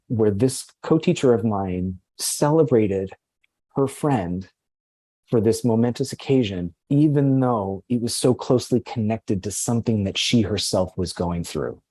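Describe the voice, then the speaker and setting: A man who works as a teacher, telling a heartfelt story in a casual podcast talk, halting often and restarting his sentences. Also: medium pitch, dark tone, no echo.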